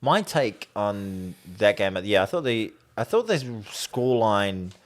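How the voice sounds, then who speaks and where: Rambling low-voiced New man. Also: sing-song, a little slow. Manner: rambling, trails off mid-sentence, laughs while talking. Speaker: podcast co-host. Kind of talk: casual chat.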